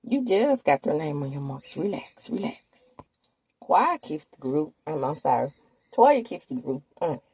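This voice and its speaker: Woman, husky voice, animated pitch, gossipy casual recap host. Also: normal speed. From Mississippi, USA. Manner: chatty, gossipy, talks straight to viewers. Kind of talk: casual reality-TV recap commentary.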